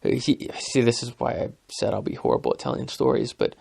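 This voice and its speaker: A man's voice: mid-range voice, brisk, gravelly, darkish tone, slightly rough. A young man hosting a podcast, rambling through a story in a self-deprecating way with lots of fillers. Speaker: podcast host. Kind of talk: casual rambling monologue.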